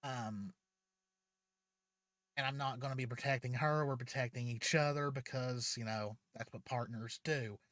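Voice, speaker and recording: A man's voice: medium pitch, fairly even intonation, moderate pace, fairly bright tone, dry recording, clean studio sound, natural voice. A man reading the lines of a loyal young woman fighter standing up to a villain. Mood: firm. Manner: firm, earnest.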